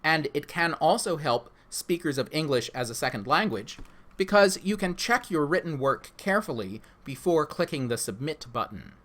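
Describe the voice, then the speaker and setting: A man, the instructor, reading a scripted orientation for his online course in a measured, instructive way. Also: fairly high pitch, big pitch swings, a bit bright.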